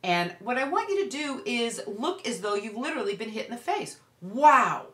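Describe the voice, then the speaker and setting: Bright-voiced woman parenting coach. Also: fairly high pitch, very animated, brisk. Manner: earnest, direct, acts out examples. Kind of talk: advice talk to parents. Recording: roomy echo.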